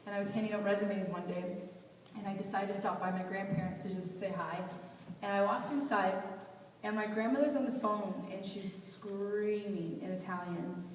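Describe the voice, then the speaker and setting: A woman's voice: medium pitch, steady tone, moderate pace. A young woman talks through a personal story at a youth event in a candid, rambling way, restarting her sentences often. She sounds distant from the mic, and her voice rings out through a large, reverberant hall. A faint hiss sits underneath. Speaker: motivational speaker.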